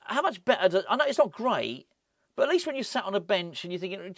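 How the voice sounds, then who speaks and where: A man hosting a casual football vlog, rambling and animated, often breaking off with laughs. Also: high voice, fast talker, no room sound, clean studio sound. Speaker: football fan channel host.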